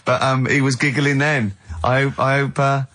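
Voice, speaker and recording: A man's voice: medium pitch, little pitch movement, normal speed, a bit bright, dry recording. Giggly teasing male radio host. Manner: giggly, teasing, breaks into laughter. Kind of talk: casual radio banter. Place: radio studio. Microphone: studio microphone.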